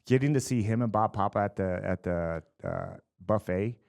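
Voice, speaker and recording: A man, a fight coach being interviewed, telling stories in a casual, animated way and acting out what others said. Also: fairly low pitch, normal speed, vocal fry. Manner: animated storyteller acting out quotes with fillers. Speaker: boxing and MMA coach, guest.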